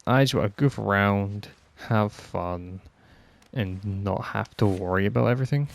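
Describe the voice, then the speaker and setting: Gravelly, swearing Scottish man ranting. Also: fairly low pitch, a little slow. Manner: blunt, heavy swearing, rambling; exasperated, fed-up. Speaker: podcast host. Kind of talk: casual ranting monologue.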